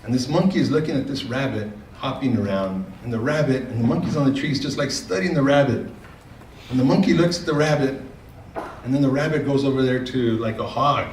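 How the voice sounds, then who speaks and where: A man's voice: mid-range voice, fairly quick, a little mellow, a little hiss or hum. A man speaking to a conference audience, using fillers and restarting phrases as he tells a story. He sounds far from the mic in an echoing room. A faint murmur of ambience sits underneath. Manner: folksy, repeats words and uses fillers. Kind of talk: keynote talk with storytelling.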